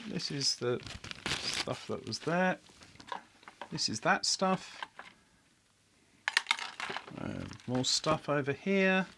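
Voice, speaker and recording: A man's voice: a little high, expressive, very slow, pauses often, background noise. Man muttering to himself at a workbench. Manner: muttering to himself while searching and checking parts; wry, self-deprecating. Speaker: electronics hobbyist host. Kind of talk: live build stream, thinking aloud. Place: electronics workbench.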